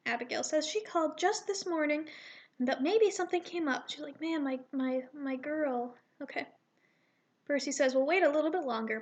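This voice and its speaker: A woman with a high voice reads through her own comic draft, loosely acting out the characters' lines. She keeps stopping to correct herself and ramble about changes she plans to make. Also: a bit bright. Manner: rambling, self-correcting, with quick asides. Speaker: comic artist reading her draft aloud. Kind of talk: casual read-through of a comic, voicing characters.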